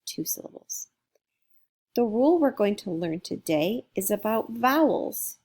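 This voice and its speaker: A woman teaching a phonics lesson to young children, speaking slowly and clearly as she sounds out letters and syllables. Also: medium pitch, sing-song, darkish tone.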